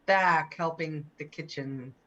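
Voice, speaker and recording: A woman's voice: deep voice, slow pace, a bit bright, lo-fi sound. A woman playing a tabletop game, chatting casually and hedging her words with "like" and "uh". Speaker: player.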